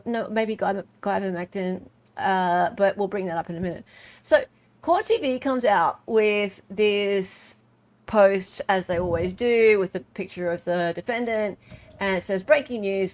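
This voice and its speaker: An Australian woman hosts a live online chat show. She talks casually and with lots of energy, reading posts and greeting viewers by name. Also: medium pitch. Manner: chatty, animated, reads chat aloud with laughs. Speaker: livestream host.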